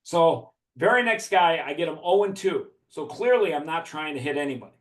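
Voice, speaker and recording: Laughing as he talks, a Chicago-area man on a podcast spins a profane story in casual conversation. His voice sits on the high side, expressive and fairly quick, and the room is echoey.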